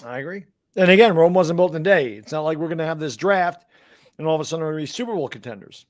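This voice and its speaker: A man co-hosting a live sports talk stream, mostly quick agreement with his partner and then stretches of his own opinion. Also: on the high side, lively intonation, no room sound, studio quality. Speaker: co-host.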